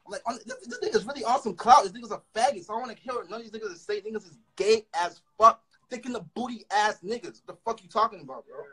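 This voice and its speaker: A young man with a Toronto accent, ranting through a story fast and profanely, with frequent stammered restarts. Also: sits high, expressive, bright, forceful tone, breathy edge, poor audio. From Canada. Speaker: rapper. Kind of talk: casual storytelling rant.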